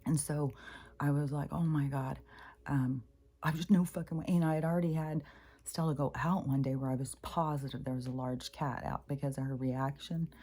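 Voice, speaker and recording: A low, warm-voiced middle-aged woman tells a personal spiritual story in a loose, rambling way. She swears casually and often jumps high in pitch to act out what others said. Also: fairly even intonation, moderate pace, breathy edge. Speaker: spiritual vlogger.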